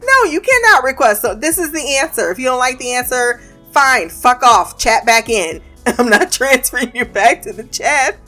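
A woman's voice: high-pitched, normal speed, faint music behind. A woman venting in a casual monologue about her remote team, profane and laughing as she tells it. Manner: profane, laughing, animated storytelling.

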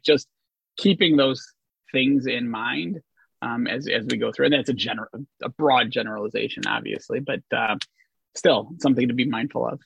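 A man's voice: medium pitch, creaky, fairly bright tone, slightly rough, no room sound. A man co-hosting a teaching podcast, reflecting aloud with many "like" fillers and posing questions to the others. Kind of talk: casual educational discussion. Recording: dull, dry lo-fi sound.

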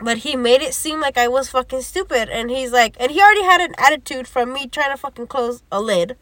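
A woman's voice: high voice, lively intonation, a little fast, sharp tone, no echo. A young woman, telling a story in casual chat, acting out quoted lines and swearing often. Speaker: podcast co-host.

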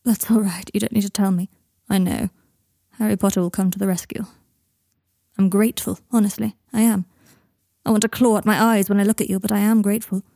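Woman reading a clipped bitter wizard dad, mellow dry storybook sound. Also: medium pitch, fairly even intonation, brisk, vocal fry, dry recording. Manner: strained and clipped. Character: bitter, clipped, proud adult wizard father.

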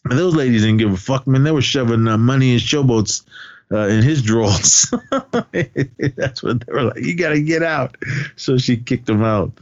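Recapping film scenes on a podcast he co-hosts, a man chats casually, laughs often, and acts out lines in an animated way. He speaks at a normal speed with a medium pitch, and the audio is dull.

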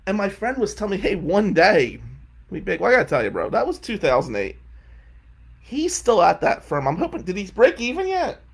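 A man in his forties with a gravelly, husky voice tells comic stories in a loose, casual way. He pokes fun at himself and jumps into the voices of the people he describes. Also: high-pitched, brisk. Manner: animated, self-mocking, acts out quotes. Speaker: lawyer.

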